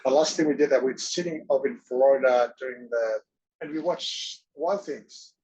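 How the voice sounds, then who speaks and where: A man's voice: mid-range voice, moderate pace, a little mellow, lo-fi sound. A middle-aged man from Australia, an interview guest telling rambling anecdotes, laughing and acting out other people's lines.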